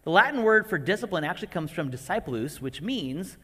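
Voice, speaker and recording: A man in his forties preaching a sermon to parents, animated and acting out his own outbursts. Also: sits high, brisk, breathy edge. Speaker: pastor. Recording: long hall reverb.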